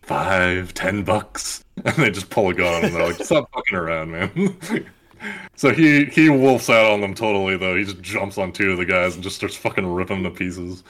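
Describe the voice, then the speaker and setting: A young man casually recapping a film, animated, acting out the characters and laughing often. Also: sits low, a little fast. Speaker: podcast host.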